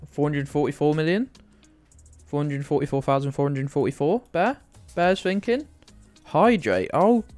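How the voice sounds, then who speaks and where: A British man chats casually to his viewers as he streams a game, rambling and joking at his own expense. His mid-pitched voice swings widely up and down as he talks, and faint music plays behind him. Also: dry recording. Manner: rambling, self-mocking, chatting to viewers. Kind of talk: casual live-stream commentary.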